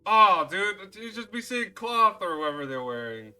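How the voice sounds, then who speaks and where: Bright-voiced joking young man. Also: sits high, big pitch swings, moderate pace, smooth, soft background music. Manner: joking, laughing, crude banter. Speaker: tabletop game player. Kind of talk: casual chat at a tabletop game.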